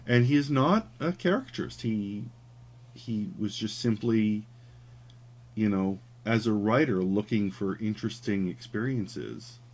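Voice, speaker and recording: A man's voice: lowish voice, measured pace. A man telling a story in a casual, rambling way while he draws, with many fillers. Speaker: caricature artist streaming his drawing. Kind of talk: casual chat while drawing.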